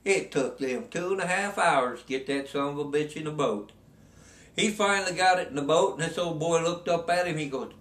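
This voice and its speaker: A man telling a dirty joke in a folksy drawl, jumping into high voices for the people in it. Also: expressive. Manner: folksy drawl, quick jumps into high voices for the quoted characters. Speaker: joke teller. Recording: echoey room from a distance.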